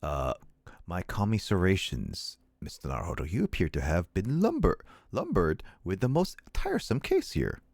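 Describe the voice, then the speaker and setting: Man putting on a sneering aristocrat, deep low voice, slow condescending drawl, game dialogue. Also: wildly swooping pitch, creaky, darkish tone, no room sound, heavily acted.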